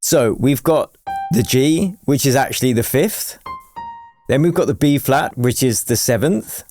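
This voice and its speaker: A man's voice: medium pitch, lively intonation, a little slow. A man teaching melody writing in a step-by-step tutorial, in an upbeat, chatty, explanatory way. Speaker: music production tutor. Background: faint piano and synth music.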